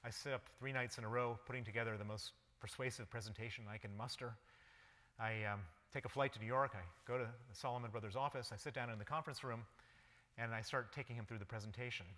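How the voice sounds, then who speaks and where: A man's voice: medium pitch, fairly even intonation, fast talker, pushed and bright. A man giving a public lecture, recounting a personal story vividly in the present tense. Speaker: guest lecturer. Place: lecture hall. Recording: long reverb of a lecture hall.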